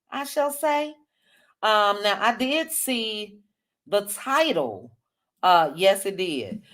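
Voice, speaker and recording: Chatty dmv woman on a livestream, voice all over the place, takes her time. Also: mid-range voice. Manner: chatty, animated, reads comments aloud with asides. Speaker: livestream host. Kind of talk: casual livestream commentary reading comments.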